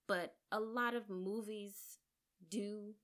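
A woman co-hosting a podcast, eagerly retelling a film plot in casual chat with quick asides. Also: mid-range voice, steady tone, fairly bright tone. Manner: enthusiastic, gushing storyteller with quick asides. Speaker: podcast co-host. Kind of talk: casual movie recap.

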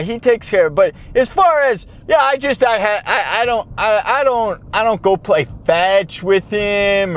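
Guy rambling a story in his car for his podcast, voice high and jumping all over, swears a lot, engine humming behind. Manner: animated, swears, trails off and restarts. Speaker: podcast host. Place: in his car, parked then driving. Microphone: handheld audio recorder.

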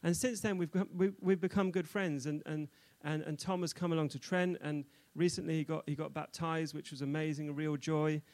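A man's voice: on the high side, steady tone, a little fast, hardly any pauses, a little mellow. A man interviewing a new believer on a church stage, encouraging him and restarting his sentences often. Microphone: handheld mic.

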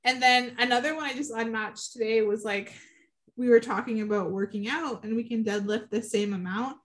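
A woman's voice: fairly high pitch, moderate pace. A woman in her thirties co-hosting a podcast, chatting frankly and casually and swearing now and then. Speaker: podcast co-host. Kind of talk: casual chat.

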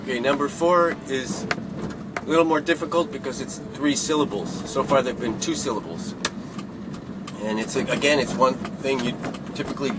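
A man's voice: medium pitch, normal speed. A man in his fifties talking casually while driving, playfully chanting word games. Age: 50s. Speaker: podcast host. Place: car with the window open. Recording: loud wind and road noise. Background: wind and traffic noise.

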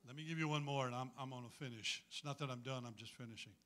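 A man's voice: medium pitch, fast talker, a bit bright. A man preaching a sermon to a congregation in a folksy, humorous way, calling on them to answer back.

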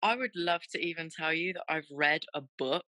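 A woman's voice: deep voice, normal speed, bright, forceful tone, no echo, rough recording. A woman in her thirties, a fitness presenter guesting on a podcast, telling stories candidly with frequent laughter. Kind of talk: casual chat.

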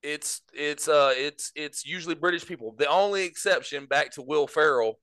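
A man's voice: a little high, normal speed, fairly bright tone, no echo. A man, co-hosting a casual podcast chat, laughing often. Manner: laughs often, puts on mock Southern drawl. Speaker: podcast co-host.

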